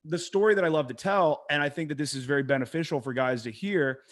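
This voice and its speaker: A man, a dating coach, talking casually on a podcast, an animated and profane storyteller who acts out quotes in a hushed voice. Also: on the high side, quick pace. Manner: profane, emphatic.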